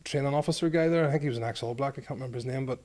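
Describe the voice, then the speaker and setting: A man's voice: medium pitch, rapid-fire, darkish tone. A Northern Irish man in his forties, a former rugby player telling stories in an interview in a self-deprecating way, acting out the things people said. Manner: self-deprecating, acts out quoted exchanges. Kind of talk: storytelling interview.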